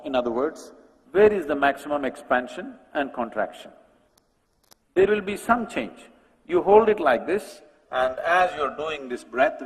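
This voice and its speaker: Fields: animated man speaking in a hall. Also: fairly high pitch, vocal fry, husky. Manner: animated, asks rhetorical questions, addresses the audience directly. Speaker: guest speaker at a conference. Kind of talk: public talk to an audience. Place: large conference hall. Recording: long hall reverb.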